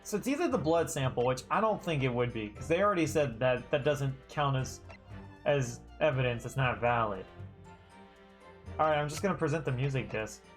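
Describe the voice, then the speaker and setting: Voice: medium pitch, expressive, moderate pace, soft background music. A streamer chatting casually while playing a game, rambling and correcting themself. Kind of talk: casual let's-play commentary.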